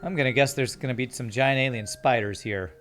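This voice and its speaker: A man's voice: medium pitch, a little fast, a bit bright, soft background music. A man from Canada streaming a video game, reading chat and playing up an overly polite, apologetic manner. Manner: mock-polite, cheery and apologetic.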